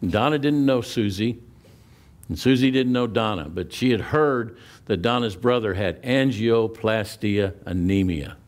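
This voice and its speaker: Low-voiced pastor telling a story. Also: male voice, measured pace. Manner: storytelling with frequent restarts and repeated words. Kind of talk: sermon.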